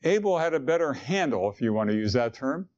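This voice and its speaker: A man's voice: medium pitch, big pitch swings, a little fast, darkish tone. Man preaching a sermon, muffled audio. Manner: earnest, conversational preaching with rhetorical questions. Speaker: pastor.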